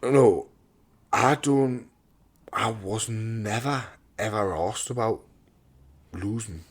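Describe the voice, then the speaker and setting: Young boxer guy, lowish voice, blunt and sweary, stumbles and repeats himself while telling stories. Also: slow. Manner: blunt, swears freely, repeats words and acts out others' lines. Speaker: professional boxer, guest. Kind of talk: candid storytelling interview.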